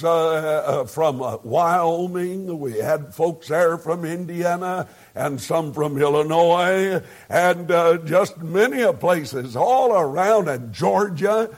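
An older man, a pastor preaching a sermon and telling homespun stories, pausing often with "uh.". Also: sits high. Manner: slow, homespun storytelling with frequent "uh" pauses. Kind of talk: sermon with folksy anecdotes.

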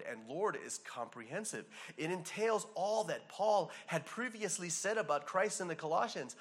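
Animated man preaching a sermon. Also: high voice, moderate pace, few pauses. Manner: animated preaching with repeated restarts and acted-out asides; emphatic, hammers single words. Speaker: pastor.

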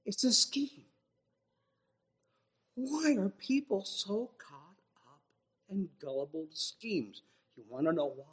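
A man preaching a sermon, mocking swindlers with joking asides and swinging from loud exhortation to a hushed near-whisper. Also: high voice.

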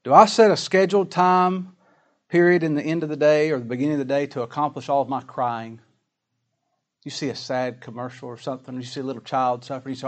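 A man preaching a sermon, folksy and plain-spoken, full of rhetorical questions, reading scripture slowly and with weight. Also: mid-range voice, fairly even intonation. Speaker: pastor.

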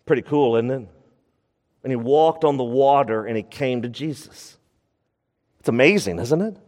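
A male pastor preaching a sermon, expressive, slowing down to stress words and acting out scripture quotes. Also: mid-range voice, big-room sound.

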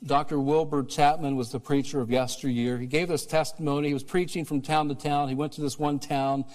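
Earnest pastor preaching in a reverberant hall. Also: male voice, on the high side, steady tone, fairly quick. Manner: earnest, swings from emphatic to hushed. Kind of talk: sermon with altar call. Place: church sanctuary.

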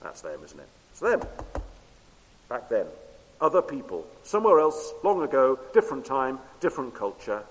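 A man preaching a sermon with emphatic repetition, moving between loud declarations and hushed low tones. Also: big pitch swings, moderate pace, breathy edge. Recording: long hall reverb.

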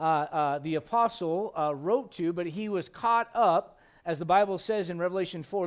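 A high-pitched male pastor preaches in a church sanctuary. He keeps tossing rhetorical questions to the congregation and checks they are following along. The delivery is a lively sermon.

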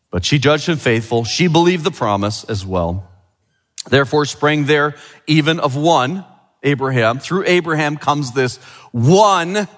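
Guy preaching a sunday sermon, bit high voice, big echoey church, keeps asking the crowd questions. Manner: asks the congregation rhetorical questions; lively preaching, swings from quiet to emphatic. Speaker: pastor. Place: church sanctuary. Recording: long hall reverb.

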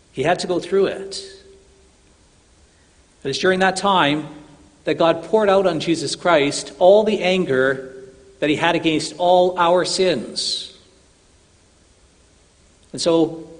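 Earnest preacher in a reverberant hall. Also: male voice, on the high side, unhurried, long pauses. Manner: earnest, addresses listeners as brothers and sisters. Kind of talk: sermon.

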